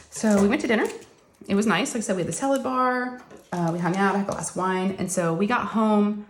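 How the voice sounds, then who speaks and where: A woman's voice: medium pitch, fast talker, a little hiss or hum. A woman, chatting casually to her viewers in a rambling story told with lots of fillers. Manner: rambling, addresses viewers as y'all, uses many fillers. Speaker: crafting channel host.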